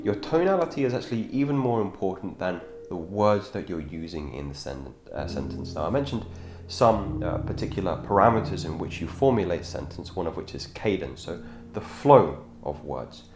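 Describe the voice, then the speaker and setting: Male self-improvement host, very low register, measured and thoughtful with self-corrections; echoey room, guitar bed. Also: lively intonation. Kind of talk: instructional monologue on speaking.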